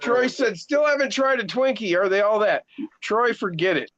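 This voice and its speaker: A man's voice: high voice, lively intonation, moderate pace, fairly bright tone, no echo. A man co-hosting a casual livestream chat, joking and reading viewer comments aloud, over a dull lo-fi recording. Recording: dull lo-fi sound.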